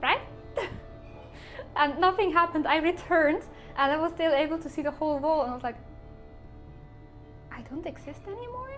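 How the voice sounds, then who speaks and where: A woman's voice: high voice, fairly quick, fairly bright tone, faint music behind. A woman from Switzerland, chatting casually and rambling to her live-stream viewers, often laughing at herself.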